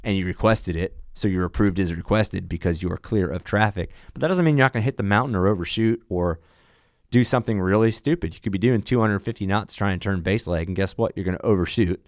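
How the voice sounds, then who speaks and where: Low smooth-voiced man telling pilot stories. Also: fast, dry recording, clean studio sound. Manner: animated storyteller, emphatic. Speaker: airline pilot guest. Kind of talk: casual podcast chat.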